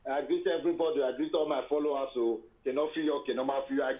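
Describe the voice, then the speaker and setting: A man's voice: mid-range voice, fairly even intonation, fast talker, narrow, tinny audio. A man with a Nigerian accent on a live video call, speaking in pidgin. He rants heatedly, makes accusations and repeats himself.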